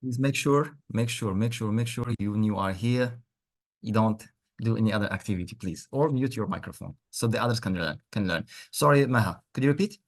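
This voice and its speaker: A man with a lowish voice and fairly quick pace gives an online English lesson through a computer mic on a video call. He repeats words, encourages his student and praises frequently.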